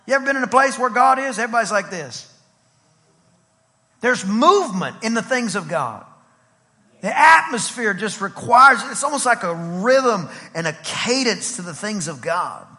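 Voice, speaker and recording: A man's voice: high voice, animated, moderate pace, sharp tone, long reverb tail. A man, a pastor, preaching a sermon in a rhythmic style with repetition and acted-out stories. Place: church sanctuary.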